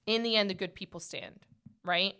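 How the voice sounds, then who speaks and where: A middle-aged woman hosting a podcast in casual chat, animated and quick to laugh, acting out quoted conversations. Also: medium pitch, clear, resonant tone. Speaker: podcast host.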